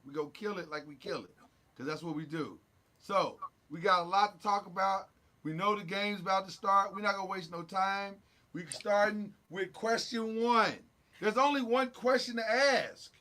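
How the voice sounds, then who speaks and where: A man hosting a casual sports talk show, recapping games in an animated, joking way with sound effects. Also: sits high.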